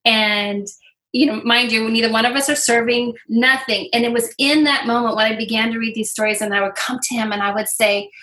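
Middle-aged woman giving an interview testimony, earnest and bright, kind of high voice. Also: fairly even intonation, fairly quick. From Iowa. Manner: earnest, heartfelt storytelling with many fillers. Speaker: interview guest. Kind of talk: personal testimony.

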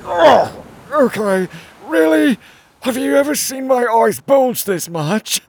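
A man's voice: very high voice, expressive, slow, vocal fry, breathy edge, dry recording, pitched above the performer's own voice, exaggerated voice. A man voicing a trapped male crab who moans in pain in a storybook reading. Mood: moaning. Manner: moaning, pained.

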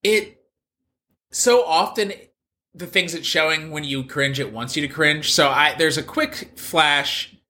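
A man's voice: on the high side, measured pace, bright, forceful tone. A man co-hosting a podcast in casual chat, making dry, wry jokes. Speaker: podcast co-host.

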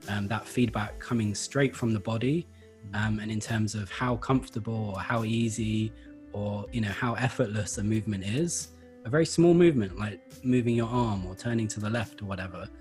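A man explaining Feldenkrais practice in a relaxed interview, thoughtful and hesitant, with many fillers. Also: lowish voice, moderate pace, soft background music. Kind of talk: conversational interview.

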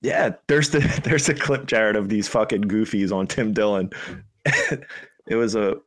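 A man's voice: fairly low pitch, measured pace, a bit bright. Profane ranting male podcast co-host. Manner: profane, rambling rant. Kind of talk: casual podcast banter.

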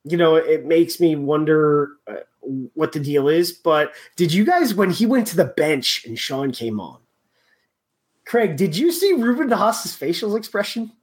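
A man hosting a casual sports chat, talking in halting bursts with many restarts and fillers. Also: a little high, very animated.

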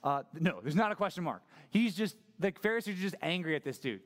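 Male pastor, conversational sermon, slightly raised pitch, lively and informal. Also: quick pace, few pauses. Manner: casual, conversational, animated.

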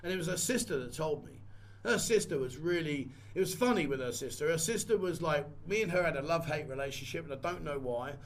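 Man vlogger, fairly high-pitched voice, candid, rambling storytelling, to camera. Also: lively intonation, fast talker. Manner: candid, rambling, repeats phrases. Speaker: vlogger and photographer. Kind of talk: casual personal storytelling.

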